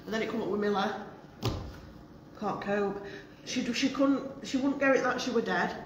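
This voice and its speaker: An excited woman chats breathlessly about a ghost hunt, repeating herself between laughs. Her voice rings around a big echoey hall, with steady noise behind. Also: mid-range voice, moderate pace, highs cut off. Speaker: ghost hunter. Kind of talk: excited casual chat. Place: old chapel building at night. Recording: echoey hall, noisy background.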